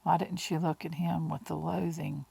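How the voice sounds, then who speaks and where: A woman reading an audiobook in a slow, hushed way, with breathy whispered words. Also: low-pitched, flat delivery, rough recording. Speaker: audiobook narrator. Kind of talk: audiobook narration.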